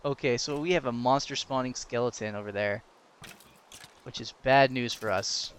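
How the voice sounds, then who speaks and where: A young man giving casual gameplay commentary, excitable, laughing and yelping when danger comes, chatting to the game's creatures. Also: medium pitch, normal speed, clear, resonant tone. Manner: excitable, yelps and laughs at danger, talks to game mobs. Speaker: gaming commentator.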